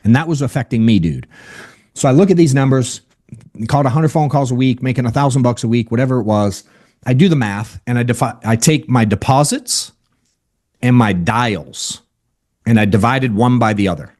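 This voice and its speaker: A man giving a casual, energetic sales training over a video call. He talks bluntly and keeps asking "right?" and saying "dude.". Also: mid-range voice, normal speed. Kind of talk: casual motivational training talk.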